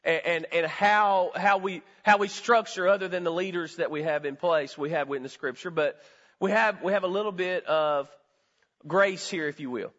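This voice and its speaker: A man's voice: high-pitched, moderate pace, a bit bright, long reverb tail, lo-fi sound. A male pastor giving a sermon in a conversational, folksy way, often putting questions to the congregation. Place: church sanctuary.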